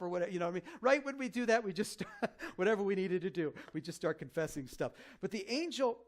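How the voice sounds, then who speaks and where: A man preaching a conversational sermon as pastor, joking and animated, with lots of fillers and restarts. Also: sits high, fast.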